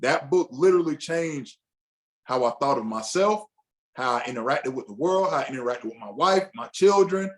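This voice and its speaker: A man's medium-pitched, animated voice moves at normal speed as he guides a men's group through an informal lesson. His conversational delivery is loose, with frequent restarts and acted-out inner dialogue of what a husband might say to himself.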